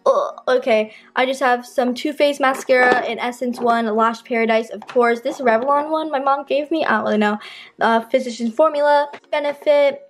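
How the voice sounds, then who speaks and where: A woman's voice: high-pitched, normal speed, a little hiss or hum. A teenage girl giving a casual, rambling tour of her makeup collection, her throat tired and strained from talking. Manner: chatty, rambling, with many ums and self-corrections. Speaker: beauty vlogger.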